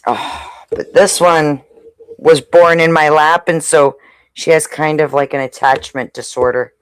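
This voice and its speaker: Woman co-host, casual chat, unhurried, dry close sound, coos at pets between sentences. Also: deep voice, fairly even intonation, clear, resonant tone, no room sound. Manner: chatty, coos and talks to her pets while speaking.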